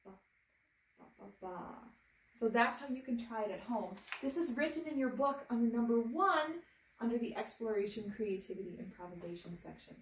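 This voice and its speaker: A woman's voice: a little high, lively intonation, brisk, recorded from a distance. Encouraging piano teacher, woman, roomy sound. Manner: encouraging, patient, step-by-step instruction with chanted rhythm syllables. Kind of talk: recorded music lesson for students at home. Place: room with a piano. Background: piano playing.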